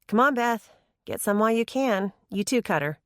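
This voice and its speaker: An audiobook narrator voices a sweetly sarcastic young woman, pitching above their own natural-sounding voice. The delivery is mid-range with lively intonation at normal speed, in dry, studio-quality sound.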